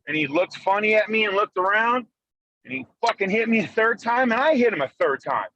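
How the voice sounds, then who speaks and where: High-voiced man telling a rowdy story. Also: dull audio. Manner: profane, fast, animated storytelling. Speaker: guest arm wrestler. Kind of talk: casual storytelling on a call. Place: in a moving car. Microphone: phone call.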